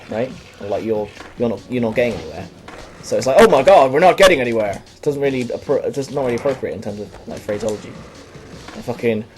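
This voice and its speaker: A man's voice: lowish voice, dark tone, a little hiss or hum. A young man giving rambling, profane, self-mocking commentary while playing a video game. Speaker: let's play commentator.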